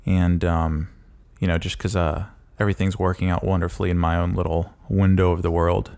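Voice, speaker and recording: Man, deep-ish gravelly voice, podcast co-host, casual hesitant chat. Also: flat delivery, brisk, darkish tone. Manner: hesitant, lots of ums and restarts.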